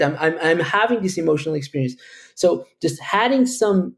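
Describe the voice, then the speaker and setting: A man's voice: medium pitch, darkish tone. A man from Portugal, answering interview questions at length in a thoughtful, rambling way with frequent restarts. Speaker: guest, educator.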